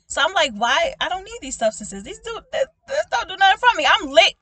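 A woman preaching informally to her online viewers, animated and emphatic, often asking "okay?" and calling them "baby", with frequent laughs. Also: extremely high pitch, fairly quick, no room sound. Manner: laughs often, swinging between loud exclaiming and soft talk. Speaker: prophetic minister speaking to online viewers.

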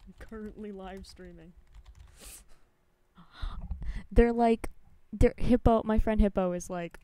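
A woman's voice: medium pitch, expressive, slow pace, pauses often, dark tone. A woman streaming a survival game live, reacting dramatically to her chat with gasps, squeals and swearing. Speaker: Twitch streamer.

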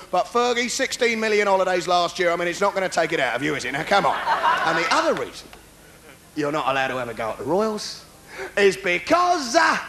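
A man, doing a live stand-up routine, ranting fast and shouting his punchlines. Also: extremely high pitch, slight background noise. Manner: rapid, ranting, animated delivery with shouted punchlines. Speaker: stand-up comedian. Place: large concert hall with live audience. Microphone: stage microphone. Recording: roomy live hall recording with faint crowd.

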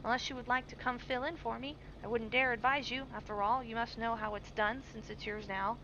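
A woman's voice: on the high side, steady tone, fairly quick, sharp tone, dull audio, slight background noise. A woman voicing a sly male shopkeeper who fakes a cold, reading his game note aloud in a mock-polite, smug way.

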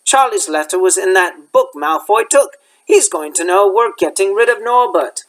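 A male teacher voicing a panicked schoolboy who speaks hoarsely. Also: sits high, expressive, normal speed, pitched above the performer's own voice. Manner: hoarse, anxious. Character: panicked schoolboy, young wizard.

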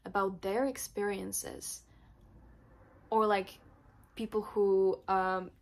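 Creaky-voiced young woman telling a personal story. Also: mid-range voice, flat delivery, slow. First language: not English. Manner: emotional, many "like" fillers, confessional. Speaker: vlogger.

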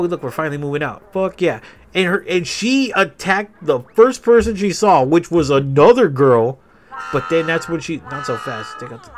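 A young man casually telling a rambling, profane story while playing a life-sim game, laughing between sentences. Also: on the high side. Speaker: gaming channel host. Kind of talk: casual storytelling over gameplay.

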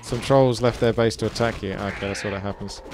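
A man's voice: fairly low pitch, fairly even intonation, fairly quick, darkish tone, soft background music. A man giving casual, rambling let's play commentary, musing aloud and swearing now and then. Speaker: gamer.

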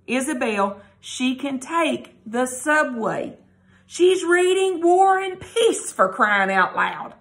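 A firm, exasperated father who is stern yet playful, as a woman teacher reads his lines. The voice carries a gravelly texture and sits a bit high. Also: expressive, takes it slowly, fairly bright tone, full character voice.

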